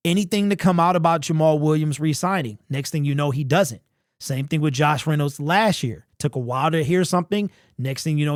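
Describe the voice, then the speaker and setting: A man's voice: on the high side, no echo, clean studio sound. A man giving an opinionated, conversational sports commentary as a channel host, emphatic and repeating his points.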